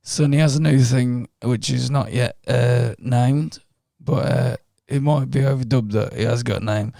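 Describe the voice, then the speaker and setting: A man co-hosting a podcast, his voice hoarse and gravelly after two days of screaming, talking in a slow, jokey drawl. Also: mid-range voice, mellow, dry recording, studio quality. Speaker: podcast co-host. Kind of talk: casual chat.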